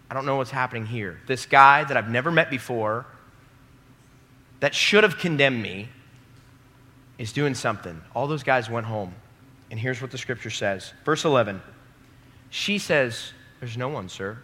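Bright-voiced preacher man in a reverberant hall. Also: medium pitch, normal speed, pauses often. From American Midwest. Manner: emphatic, rising to loud peaks, calls the audience to repeat lines. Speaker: pastor. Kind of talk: sermon. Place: large hall before a live congregation.

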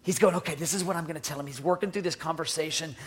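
A man preaching a sermon, swinging between loud urging and hushed near-whispers, often repeating words as he restarts phrases. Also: on the high side, rapid-fire, a little hiss or hum. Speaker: pastor.

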